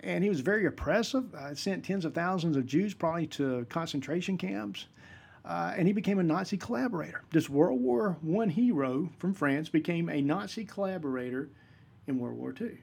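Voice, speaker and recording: A man's voice: a little high, lively intonation, normal speed, vocal fry, darkish tone, slightly rough. A man preaching a sermon-style talk, emphatic and repeating key phrases for force.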